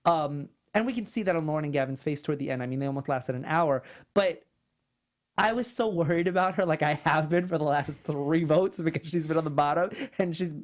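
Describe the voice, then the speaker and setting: Guy cohost chatting, kinda exasperated, lots of strong opinions. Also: on the high side. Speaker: podcast co-host. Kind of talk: casual recap chat.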